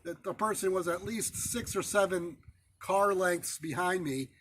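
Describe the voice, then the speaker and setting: A male pastor telling a personal story in a sermon, conversational and halting, with many fillers and restarts. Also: high-pitched, fairly bright tone, slightly rough.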